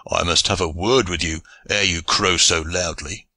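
A man's voice: low-pitched, steady tone, normal speed, bright, forceful tone, no room sound, heavily acted. A man voicing a huge, bluff, boastful archer in an audiobook reading.

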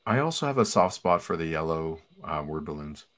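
A man in his forties co-hosting a casual comic book discussion, relaxed, chatty and enthusiastic. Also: extremely low pitch, brisk. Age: 40s. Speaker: podcast co-host.

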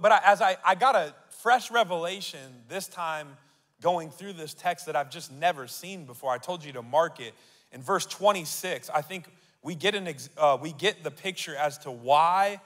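A male pastor preaching a sermon, reading scripture aloud and building to loud declarations. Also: a little high. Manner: reads scripture aloud and asks the crowd to repeat. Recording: long hall reverb.

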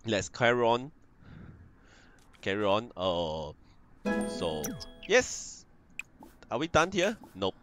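A man's voice: lowish voice, wildly swooping pitch, slow pace, pauses often, over music. A man hosting a let's play, chatting playfully through casual gameplay commentary and talking to his game characters.

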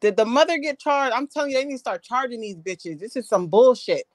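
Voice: mid-range voice, brisk, dry recording. A livestream panelist talking angrily, asking questions and cursing freely. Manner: angry, profane, questioning. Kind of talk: casual heated chat.

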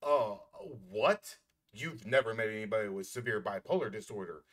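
A man's voice: fairly low pitch, normal speed, fairly bright tone. A man giving heated reaction commentary, blunt and scornful, swearing freely as he mocks the clip.

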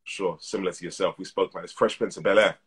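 Deep, husky-voiced man in his thirties. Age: 30s. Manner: relaxed, reflective, measured. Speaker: actor guest. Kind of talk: casual interview. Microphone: live video call.

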